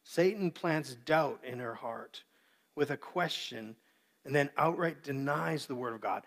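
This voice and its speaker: A man's voice: medium pitch, a little slow, a bit bright. A man preaching a sermon as pastor, earnest, briefly acting out the voices he quotes.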